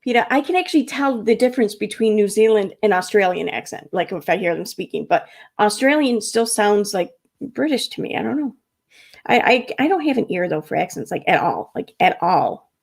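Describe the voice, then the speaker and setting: Rambling American woman with a creaky voice. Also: mid-range voice, expressive, brisk. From United States. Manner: rambling, filler-heavy, laughs easily. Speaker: livestream host. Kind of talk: casual livestream chat.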